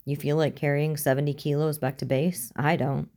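A woman voicing a wary male soldier who speaks low and matter-of-fact. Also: level tone, normal speed, a little mellow.

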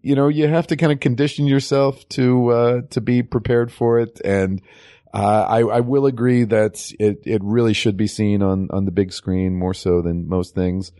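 A man hosting a casual podcast, talking in a relaxed, rambling way. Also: fairly low pitch, moderate pace, no echo, studio quality. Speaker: podcast host.

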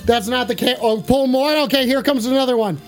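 Very high-voiced, excitable male streamer. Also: brisk. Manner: excitable, heavy swearing, hype shout-outs. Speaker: livestream host. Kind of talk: live stream sign-off. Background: music.

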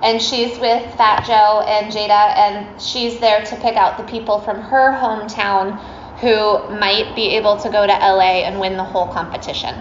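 A woman's voice: mid-range voice, fairly even intonation, normal speed, slight background noise. A woman telling a story to a group, chatty and casual, with lots of fillers and laughs. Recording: echoey room, slightly dull sound.

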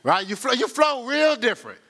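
A man's voice: extremely high pitch, big pitch swings, brisk, bright, forceful tone. A male pastor preaching a sermon in a colloquial, conversational way, often asking the crowd "right?". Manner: call-and-response, asks "right?".

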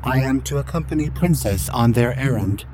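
A man's voice: medium pitch, expressive, normal speed, crowd noise, close to an everyday voice, rough recording. A man voicing an earnest, literal-minded male robot in an audio drama, speaking in a formal and blunt way.

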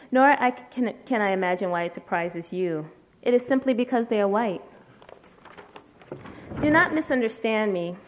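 A woman, a writer at a literary event, reading a letter aloud to an audience in a measured, deliberate way with slow, emphatic pauses. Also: medium pitch.

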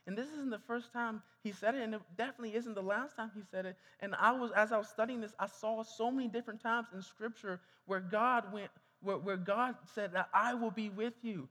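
High, bright-voiced preacher in echoing hall. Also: male voice, fairly quick, few pauses. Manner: repeats himself, calls on congregation to respond. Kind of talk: sermon. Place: church hall. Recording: reverberant hall.

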